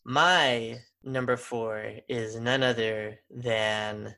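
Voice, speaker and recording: Podcast co-host, man, bright tone, eager and rambling. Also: medium pitch, steady tone, very slow. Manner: enthusiastic, rambling with restarts. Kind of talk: casual chat.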